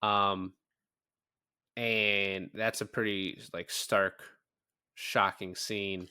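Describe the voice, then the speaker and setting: A man with a fairly low voice talks through a movie scene by scene in a loose podcast chat. He acts out the characters' lines as he goes and swears casually. The sound is dry and close, with no room around it. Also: very slow, smooth, no room sound. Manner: animated retelling with quoted lines and swearing. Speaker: podcast co-host.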